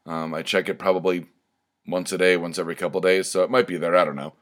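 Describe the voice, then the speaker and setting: A man's voice: low-pitched, flat delivery, fast. A man hosting his own podcast, chatting casually in a rambling, profane way with many fillers and restarts. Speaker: podcast host. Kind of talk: casual solo podcast chat.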